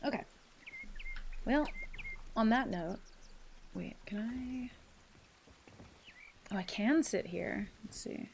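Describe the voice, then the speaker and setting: A woman's voice: a little high, lively intonation, takes it slowly, pauses often, a little hiss or hum. A woman live-streaming a game, chatting casually with her viewers, swearing freely and laughing often. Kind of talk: casual live-stream chat while gaming.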